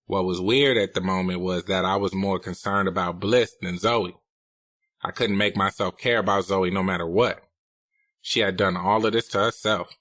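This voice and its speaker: A man's voice: deep voice, fairly even intonation, moderate pace, fairly bright tone, dry recording. A man narrating a novel in the first person, in a blunt, profane, streetwise manner. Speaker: audiobook narrator.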